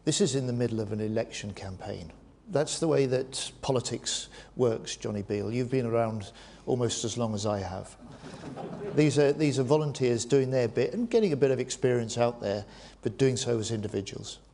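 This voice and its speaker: A man, a minister running a press conference, who answers questions in a firm, measured way. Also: medium pitch, warm tone, a little hiss or hum.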